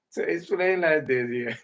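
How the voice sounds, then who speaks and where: A man giving a Dhamma talk in halting English, breaking Pali words into syllables, often chuckling and asking if listeners follow. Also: on the high side, fairly bright tone. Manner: halting non-native English, chuckles often, checks understanding. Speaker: meditation teacher.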